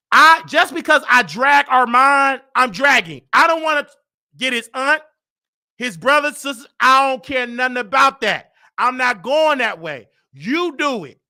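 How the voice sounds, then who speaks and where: A man hosting his own show, telling gossip in a casual, animated way, emphatic and full of repeated words. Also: very high-pitched, normal speed. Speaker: host.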